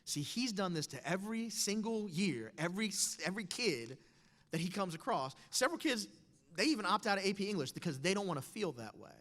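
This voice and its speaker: A man in his thirties telling a personal story on stage with wry, animated delivery, quoting others in changed voices. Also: high voice, a little fast. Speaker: speaker. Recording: long hall reverb.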